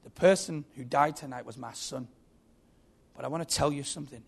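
A man voicing a grieving, forgiving pastor who speaks softly and gently, with a gravelly voice. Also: mid-range voice, fairly quick. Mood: gentle. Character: grieving middle-aged male pastor, calm and forgiving.

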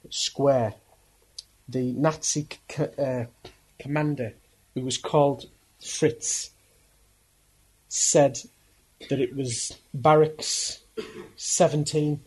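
A man preaching through a dramatic story. He speaks earnestly and with emphasis, pausing and restarting as he goes. His voice is husky. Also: mid-range voice, darkish tone, poor audio.

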